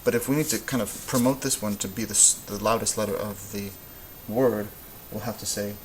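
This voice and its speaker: A man teaching Spanish in a relaxed, patient way, thinking aloud as he works through examples. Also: on the low side, fairly quick, a little hiss or hum, low-quality recording. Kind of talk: informal classroom explanation.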